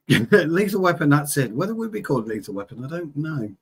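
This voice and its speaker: A man's voice: a little high, big pitch swings, brisk, slightly rough. A man co-hosting a football show in casual chat, boisterous and joking, swearing freely.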